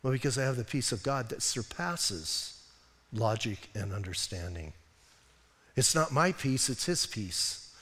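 A man preaching a sermon as a pastor, telling stories with lively, acted-out quotes. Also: medium pitch, a little slow, husky. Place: church hall. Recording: long hall reverb.

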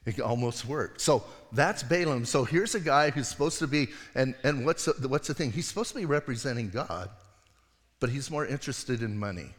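A man's voice: medium pitch, expressive, normal speed, long reverb tail. A middle-aged male pastor giving a sermon, retelling the story in a casual, conversational way with acted voices.

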